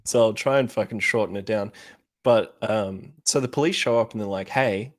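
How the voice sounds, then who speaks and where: A man's voice: fairly low pitch, brisk. A man chatting casually on a podcast, retelling a story loosely with lots of swearing and laughter. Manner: loose, profane, laughs often while telling. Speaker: podcast co-host. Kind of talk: casual chat, retelling a show.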